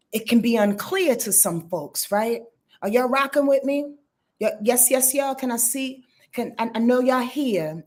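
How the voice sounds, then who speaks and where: A woman, hosting a casual astrology livestream in a loose, chatty way and talking straight to her viewers. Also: mid-range voice. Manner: loose, chatty, swears, addresses viewers as y'all. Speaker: astrologer hosting a live stream.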